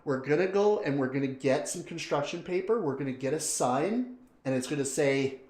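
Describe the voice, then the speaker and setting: A chatty, excitable man talks to his live-stream viewers. His voice sits a little high for a man, and the room gives it a noticeable echo. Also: moderate pace. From Canada. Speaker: live-stream reaction host. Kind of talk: casual live-stream chat, greeting viewers. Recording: roomy echo.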